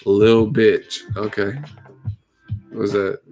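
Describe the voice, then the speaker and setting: Laughing, profane boxing streamer. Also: male voice, fairly low pitch, slow pace, pauses often, a little mellow, faint music behind. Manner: profane, joking, laughs a lot. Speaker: boxing YouTube host. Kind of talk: casual livestream commentary.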